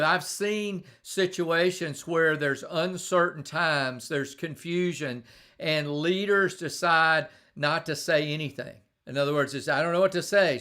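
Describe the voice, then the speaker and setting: Middle-aged guy doing a leadership talk live, kinda high bright voice, chatty, stumbles and repeats words a lot. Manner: conversational, repeats words and restarts, storytelling. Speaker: leadership speaker. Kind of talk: live-streamed motivational talk.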